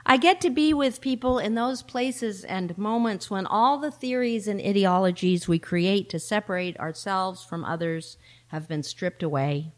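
A middle-aged woman minister preaching a sermon, slow and unhurried. She tells a story with a wry, earnest manner and an even, middle pitch. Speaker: minister and law enforcement chaplain.

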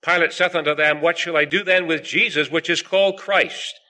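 A man's voice: fairly high pitch, fairly even intonation, normal speed, bright, forceful tone. A man preaching a sermon to a gathered audience, reading long King James scripture passages aloud with rising emphasis on the questions.

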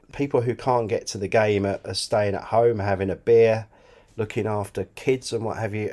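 A man's voice: lowish voice, a little mellow. A man chatting enthusiastically on a podcast, often repeating words as he talks. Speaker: club cricket scorer and podcast guest. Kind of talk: casual podcast chat.

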